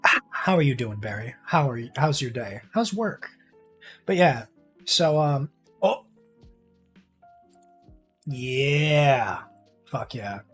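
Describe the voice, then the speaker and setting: A young man chatting casually while streaming a game, rambling, swearing freely and getting excited easily. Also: medium pitch, takes it slowly, pauses often, soft background music. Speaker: livestreamer. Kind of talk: casual live-stream chat while gaming.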